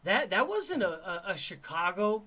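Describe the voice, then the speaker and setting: High bright-voiced man rambling on a live stream. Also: sing-song, moderate pace, husky. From Denver, Colorado. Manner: rambling, repeats words and restarts often, slangy. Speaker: livestream host. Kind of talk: casual live stream chat.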